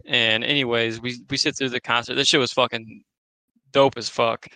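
A man's voice: medium pitch, little pitch movement, moderate pace, sharp tone, no room sound, rough recording. A man co-hosting a podcast, telling a story in laid-back, profane casual chat. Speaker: podcast co-host.

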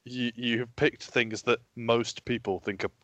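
A man's voice: medium pitch, fairly even intonation, measured pace, fairly bright tone, no echo, highs cut off. A man hosting a podcast in casual chat, making dry, blunt remarks. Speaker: podcast host.

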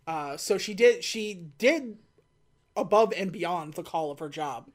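On a podcast, a woman co-host with a lowish voice and measured pace casually recaps a film. She retells it animatedly, quoting the characters and laughing as she goes.

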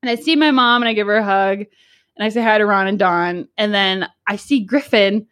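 A young woman in her twenties co-hosting a podcast, telling a story in a casual chat, animated and giggly with lots of "like". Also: mid-range voice, moderate pace, clean tone. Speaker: podcast co-host.

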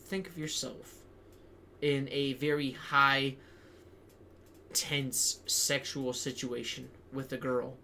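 A man's voice: mid-range voice, level tone, slow pace, creaky, pauses often, pushed and bright, slight background noise. A young man hosting a podcast, chatting crudely and ranting with lots of swearing. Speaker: podcast host. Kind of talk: casual chat.

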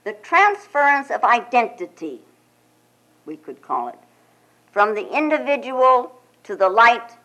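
A woman Zen teacher giving a spiritual sermon. She retells scripture as a gentle, reflective storyteller and often adds "you know". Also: mid-range voice, rough recording. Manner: slow and expressive, frequent "you know" asides.

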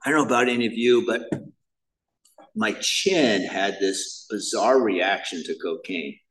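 A man's voice: lowish voice, unhurried, fairly bright tone, distant mic, low-quality recording. A man speaking at a recovery meeting, telling his personal story in a casual, self-deprecating way, sprinkled with "man" and "you know". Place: meeting room.

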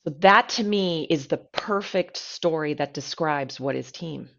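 Woman podcast co-host, chatty storyteller, lively and filler-heavy, slightly dull lo-fi sound. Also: low voice, measured pace, vocal fry. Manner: animated, chatty, lots of fillers. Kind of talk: casual storytelling chat.

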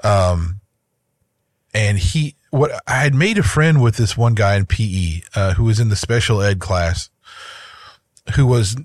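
Low-voiced man telling a story. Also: a little slow, no room sound. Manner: rambling, with frequent restarts and repeated words. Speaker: podcast co-host. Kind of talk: casual chat, personal storytelling.

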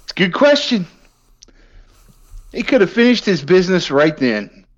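A man's voice: sits high, big pitch swings, normal speed, dull audio. A man co-hosting a comedic movie podcast, chiming in with dry short remarks. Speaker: podcast co-host. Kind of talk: comedic movie recap chat.

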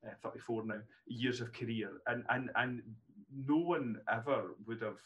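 A man in his fifties, a neurologist telling self-deprecating stories as a podcast guest, animated, with frequent restarts. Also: mid-range voice, normal speed. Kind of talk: casual podcast storytelling.

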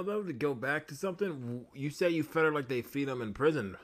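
A man's voice: fairly high pitch, animated, a little fast. A man co-hosting a casual podcast who keeps asking curious follow-up questions. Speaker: podcast co-host.

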